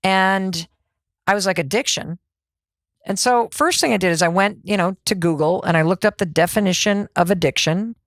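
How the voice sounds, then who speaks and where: A middle-aged woman hosting a motivational podcast, talking in an energetic, conversational way and asking herself rhetorical questions. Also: mid-range voice, fairly quick, no room sound, clean studio sound. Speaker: podcast host.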